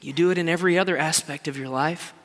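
High bright-voiced preacher in a reverberant hall. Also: male voice, fast. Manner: passionate, swinging from loud exclamations to quiet asides. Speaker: pastor. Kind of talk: sermon. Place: large church hall. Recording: long hall reverb with faint music.

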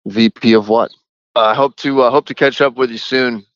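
A man's voice: medium pitch, fairly even intonation, normal speed, dry recording, highs cut off. A man who works as a caddie, telling a rambling story in a casual voicemail. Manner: chatty, rambling.

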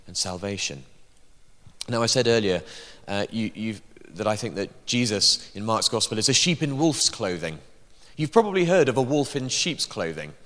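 A man's voice: on the low side, sharp tone. A man preaching a sermon in a church, emphatic, with dry asides. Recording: long hall reverb.

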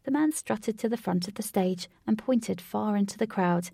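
A woman narrating a storybook in a steady, expressive reading voice. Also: mid-range voice, normal speed, creaky, breathy edge, dry recording, clean studio sound. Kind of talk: storybook read-aloud narration.

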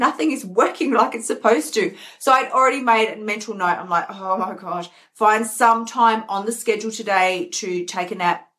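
A woman's voice: medium pitch, a bit bright. A woman hosting her own show, talking candidly and emotionally, repeating words for emphasis. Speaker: podcast host. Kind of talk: candid personal talk. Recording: live stream.

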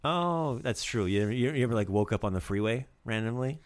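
A man's voice: mid-range voice, expressive, a little fast. A man hosting a casual language lesson, joking and coaching pronunciation. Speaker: language teacher host.

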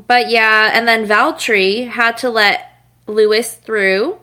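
A woman with a fairly high voice co-hosts a casual podcast. She talks through the race in a chatty, analytical way and laughs often. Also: steady tone, slow, sharp tone. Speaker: podcast co-host. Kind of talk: casual chat about motor racing.

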